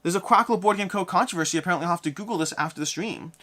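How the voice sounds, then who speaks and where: A man's voice: high voice, rapid-fire. A young man hosting a live Q&A stream, reading viewer questions aloud and answering in a rambling, self-correcting way. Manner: rambling, self-correcting, reads names loudly. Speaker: board game channel host.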